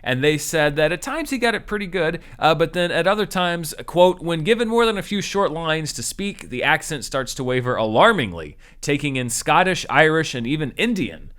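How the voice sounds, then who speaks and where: A man giving a spoken movie review in a wry, animated way, jumping high in pitch for emphasis. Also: moderate pace, hardly any pauses, clear, resonant tone. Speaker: film critic.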